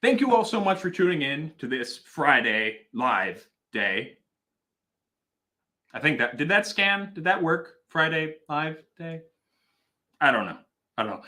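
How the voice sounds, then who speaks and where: Bright and forceful, his voice sits a little high. He's a whiskey reviewer from around Milwaukee, Wisconsin, hosting a casual livestream where he chats animatedly, reads viewer comments, cusses offhandedly and often turns jokes on himself.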